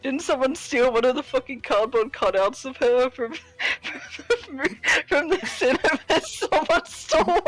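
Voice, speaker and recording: A young woman co-hosting a casual podcast, laughing loudly and swearing in exclamations. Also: high voice, animated, unhurried. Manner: loud laughing, profane exclamations. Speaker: podcast co-host. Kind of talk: casual chat.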